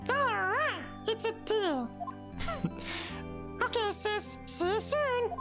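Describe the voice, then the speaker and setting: A squeaky, chirpy young woman, put on by a man reading a game aloud, her falsetto pitched sky-high and dragged out slowly. She giggles and bounces through every line like an eager little sister. Bright music plays clearly behind her. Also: lively intonation, exaggerated voice.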